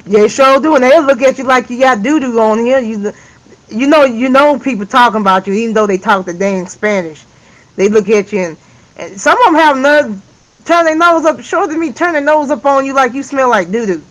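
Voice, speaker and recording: A man's voice: very high-pitched, expressive, brisk, fairly bright tone, low-quality recording. A man in a casual live discussion, rambling with frequent laughs and restarts. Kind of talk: casual chat.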